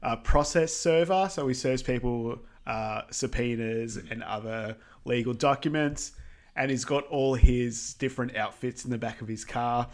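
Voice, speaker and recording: A man co-hosting a podcast, summarizing a film in a relaxed way with frequent ums. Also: medium pitch, a little slow. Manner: relaxed, filler-heavy with lots of ums. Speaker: podcast co-host. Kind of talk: casual film recap chat.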